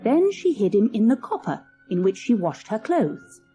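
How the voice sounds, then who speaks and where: A woman narrates a children's storybook with an expressive, dramatic reading. Her voice rises and falls in lively swings and has a mellow, warm tone. Soft music plays behind her. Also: on the high side, moderate pace, muffled recording.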